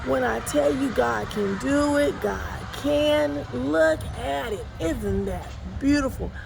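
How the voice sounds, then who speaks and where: A woman's voice: sits high, slow pace, gravelly, noisy background. A woman apostle giving a casual devotional talk to her phone camera outdoors by the water, folksy and exclamatory, calling listeners honey and y'all. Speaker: apostle and ministry overseer. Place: outdoors by water behind an apartment complex. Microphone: phone camera, self-filming.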